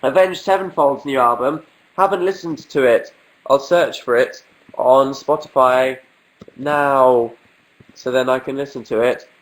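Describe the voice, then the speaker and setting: A man's voice: mid-range voice, unhurried, rough recording. A young man from England with a cold, sniffling as he hosts a casual livestream, answering viewer questions in a dry, self-mocking way.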